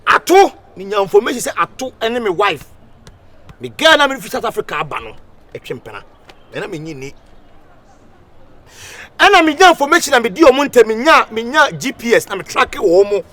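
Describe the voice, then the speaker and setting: A man, playing a husband who rants loudly and mixes in another language. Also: high-pitched, exaggerated voice. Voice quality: pleading, then loud ranting. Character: pleading husband caught in a quarrel. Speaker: comic actor. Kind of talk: skit acting.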